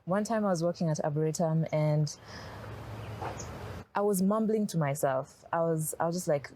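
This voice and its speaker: A young woman talking casually on a podcast, reflective and halting, with many restarts. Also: low voice, dark tone, poor audio. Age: young adult. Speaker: podcast guest. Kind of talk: casual conversation about grief. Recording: faint background noise.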